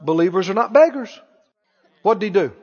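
A man's voice: sits high, lively intonation, brisk. A man preaching a sermon, asking playful rhetorical questions with emphatic delivery. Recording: echoey hall, dull sound.

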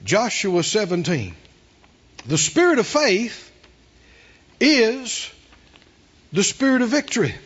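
A man's voice: very high-pitched, sing-song, takes it slowly, pauses often, fairly bright tone, breathy edge, lo-fi sound. A man preaching a sermon, emphatic and repeating his phrases, with call-and-response to the congregation. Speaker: pastor.

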